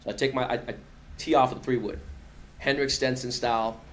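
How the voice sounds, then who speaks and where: Speaking briskly in a mid-range voice, a man from Los Angeles, USA, tells stories as a podcast guest, using lots of slang and animatedly acting out what others said. A little hiss or hum runs through the audio.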